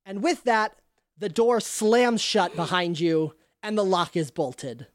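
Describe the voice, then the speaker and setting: A woman's voice: medium pitch, big pitch swings, slow pace, dry recording. Woman game master narrating, dry close sound. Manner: descriptive, lots of ums.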